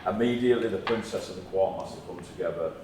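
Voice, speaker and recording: Deep-voiced game master. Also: male voice, rapid-fire. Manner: relaxed, rambling with ums. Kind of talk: narrating a tabletop game. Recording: echoey room, mic far off, noisy.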